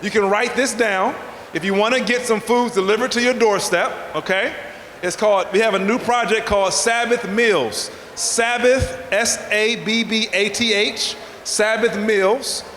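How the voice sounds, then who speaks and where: A man from the American South, a vegan chef giving an energetic motivational talk at a festival, preacher-like, calling out to the crowd for responses. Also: sits high, a little hiss or hum. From Southern United States. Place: large indoor festival hall. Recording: echoey hall with a long reverb tail.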